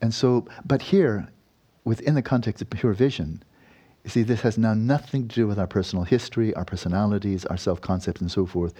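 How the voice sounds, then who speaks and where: A male meditation teacher with a low, husky, mellow voice, leading a Buddhist dharma talk. He meanders gently through the guidance. He often adds tag questions and soft chuckles. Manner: unhurried, rambling, tag questions and soft laughs.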